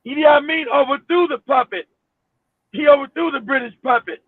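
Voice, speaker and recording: A man co-hosting a casual chat, ranting loudly and profanely. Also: extremely high pitch, fairly quick, no echo. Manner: loud, animated, profane ranting. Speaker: co-host. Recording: tinny phone-like line.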